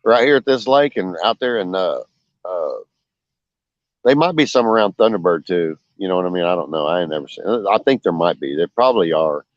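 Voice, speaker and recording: A man chats while fishing outdoors at night, full of fillers. His voice sits low. The dry sound is dull and lo-fi. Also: expressive, brisk, no echo. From Oklahoma. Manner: rambling, many fillers, storytelling. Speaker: vlogger, angler. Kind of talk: casual chat while fishing.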